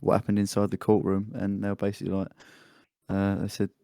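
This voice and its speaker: A man's voice: fairly low pitch, monotone, fast, creaky, dark tone, no echo, studio quality. A young man co-hosting a podcast, telling a story in a laid-back casual chat. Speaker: podcast co-host.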